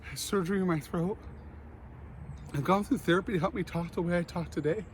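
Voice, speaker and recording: A man giving an emotional motivational speech, earnest, with dramatic pauses and a slight stutter. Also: high-pitched, a little hiss or hum. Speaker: motivational speaker.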